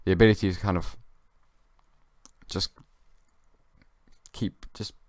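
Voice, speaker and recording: A young man hosting his own comedy podcast, rambling in a halting, dry way with many restarts. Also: deep voice, fairly even intonation, darkish tone, dry recording. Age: young adult. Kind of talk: rambling comic monologue.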